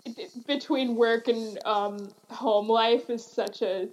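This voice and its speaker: A woman co-hosting a casual movie chat, chatty and quick to laugh. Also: fairly high pitch, steady tone, lo-fi sound. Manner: chatty, laughs often, many fillers.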